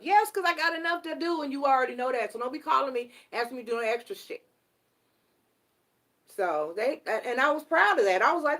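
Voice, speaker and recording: A middle-aged woman giving a casual live tarot reading, blunt and animated and swearing freely. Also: sits high, brisk. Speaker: tarot reader.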